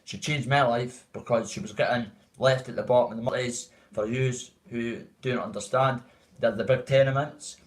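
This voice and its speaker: A man's voice: medium pitch, fairly even intonation, normal speed, low-quality recording. A man with a Dundee Scottish accent, chatting casually and at length to viewers on a livestream, calling them mate. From Dundee, Scotland. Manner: rambling, greets chat as mate. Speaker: livestream host. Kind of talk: casual live chat.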